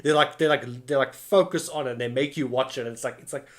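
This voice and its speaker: A man's voice: mid-range voice, quick pace. A man co-hosting a podcast, casually retelling film scenes with lots of fillers and little acted-out bits. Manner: rambling, many fillers, acts out scenes. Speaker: podcast co-host.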